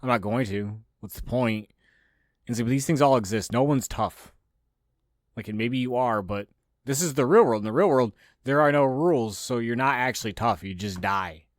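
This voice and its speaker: A man's voice: medium pitch, normal speed, no echo, clean studio sound. A man hosting a podcast, ranting casually and profanely, mocking others in raised voices. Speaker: podcast host. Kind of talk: casual opinionated monologue.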